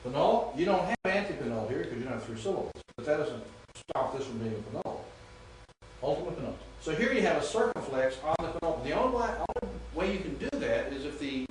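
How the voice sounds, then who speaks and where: A man's voice: a little high, big pitch swings, fast, a little hiss or hum. A man teaching a class on Greek, explaining rules step by step and quizzing his students. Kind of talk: classroom lecture. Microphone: far from the mic. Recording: very echoey distant classroom recording.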